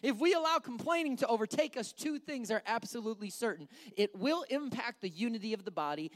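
A man preaching a sermon as pastor, emphatic and repetitive, swinging from loud lines to hushed ones. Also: extremely high pitch, sing-song, quick pace, few pauses.

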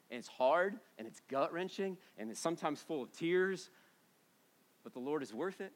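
Male pastor, slightly high voice, loose joking sermon delivery with loud and soft swings, church setting. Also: brisk. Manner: animated, casual and joking, swings between loud and hushed.

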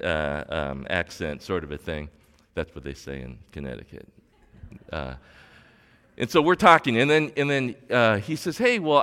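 An older man preaching a sermon as pastor, telling stories in a relaxed conversational way with fillers and restarts. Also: on the low side. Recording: long hall reverb.

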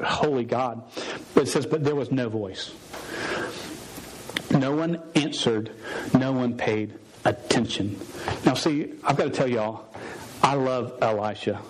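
A man's voice: medium pitch, a little mellow, rough recording. A man preaching a sermon, casual and sarcastic, often stumbling over words. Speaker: pastor.

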